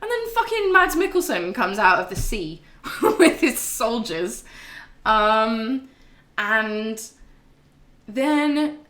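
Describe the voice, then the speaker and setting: A woman's voice: on the high side, big pitch swings, slow, fairly bright tone. Young woman streaming, chatty and sweary, echoey room. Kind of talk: casual chat.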